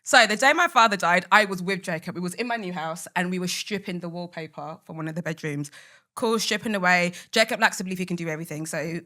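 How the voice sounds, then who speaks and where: A woman's voice: fairly low pitch, quick pace, sharp tone. A woman hosting a podcast, chatting candidly and telling personal stories with a teasing edge. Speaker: podcast host. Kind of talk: casual chat, storytelling.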